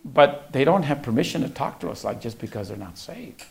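Middle-aged male preacher, gravelly voice, storytelling sermon, acts out family dialogue. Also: mid-range voice, lively intonation, brisk.

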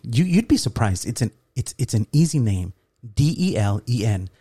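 Middle-aged man, lively co-host storyteller, warm low-bright tone, casual podcast. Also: normal speed, husky. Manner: animated, acts out quoted dialogue, laughs often.

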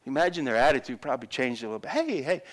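A man's voice: mid-range voice, racing. A middle-aged man preaching a sermon as a pastor, acting out the voices of people in the Bible story.

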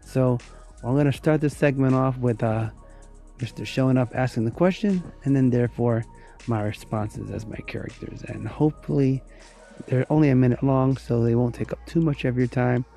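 A man's voice: medium pitch, normal speed, vocal fry, dark tone, soft background music. A man hosting his own comedy voiceover podcast, rambling and joking in a casual intro. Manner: rambling, joking, self-promoting. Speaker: podcast host.

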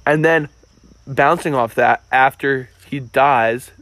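A man's voice: medium pitch, slow pace, a bit bright, no echo. A young man co-hosting a comedy podcast, rambling through crude, absurd bits with lots of swearing and filler. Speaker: podcast co-host.

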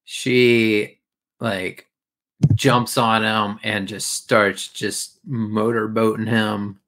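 A man's voice: fairly low pitch, little pitch movement, drawn-out words, a bit bright. Rambling crude man on a podcast. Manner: rambling, crude, lots of fillers and laughs. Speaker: podcast co-host recapping an anime episode. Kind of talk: casual chat.

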